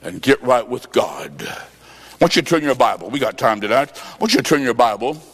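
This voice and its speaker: A man preaching a sermon, telling a story with sudden shouts and sing-song phrases. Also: medium pitch, very animated, normal speed, slightly rough. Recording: long reverb of a large hall.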